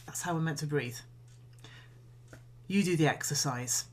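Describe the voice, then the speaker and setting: A woman singing coach giving a calm, measured voice lesson, explaining and demonstrating breathing exercises. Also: low-pitched, slight background noise. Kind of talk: instructional voice lesson.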